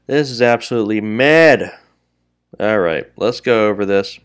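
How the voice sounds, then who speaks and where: A man's voice: fairly low pitch, lively intonation. Chatty male day trader talking to viewers. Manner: quick, chatty, keeps addressing viewers as traders and guys; openly scolds himself when a trade goes wrong. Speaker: day trader and channel host. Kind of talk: live trading commentary to viewers.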